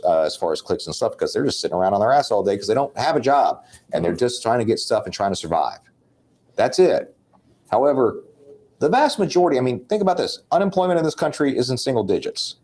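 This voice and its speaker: A man with a low voice lays out his opinions bluntly in a casual sales chat. He makes his points one after another, like a lecture. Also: darkish tone. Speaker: podcast co-host.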